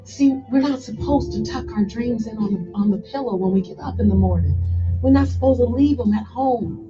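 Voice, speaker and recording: A woman's voice: a little high, brisk, music in the background. A woman speaking as a guest, telling her story in an emphatic motivational style and repeating phrases for effect. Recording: slightly muffled radio broadcast.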